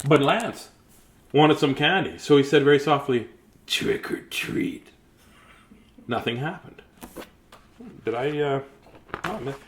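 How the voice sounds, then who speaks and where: A man reading a picture book aloud, chuckling and adding chatty asides to the listeners. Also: medium pitch. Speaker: storybook reader.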